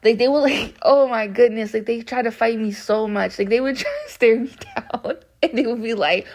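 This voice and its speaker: A soft-spoken young woman with a bubbly manner, rambling through a casual storytime with lots of fillers. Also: fairly high pitch, moderate pace, hardly any pauses. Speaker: vlogger.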